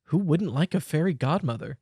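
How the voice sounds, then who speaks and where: A man doing a shy, high young girl. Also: expressive, a little fast, darkish tone, breathy edge. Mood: timid eager.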